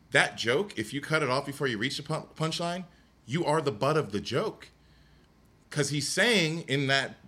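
Man, bright voice, medium pitch, casual, chatty, explaining. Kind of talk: casual chat.

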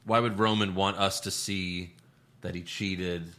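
A man hosting a casual wrestling podcast, animated and jokey as he recaps the shows. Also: low-pitched, a little slow. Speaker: podcast host.

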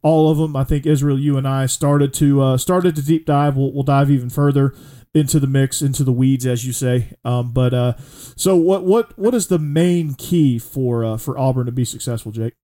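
A man from Georgia hosting a casual sports talk show, relaxed as he leads the discussion. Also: mid-range voice, normal speed. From Atlanta area, Georgia.

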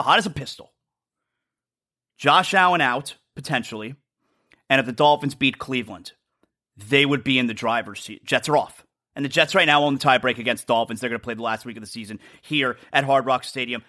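A man's voice: fairly high pitch, bright, forceful tone. A man hosting a sports talk show, talking emphatically and repeating himself for effect. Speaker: sports radio host. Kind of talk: solo sports talk monologue.

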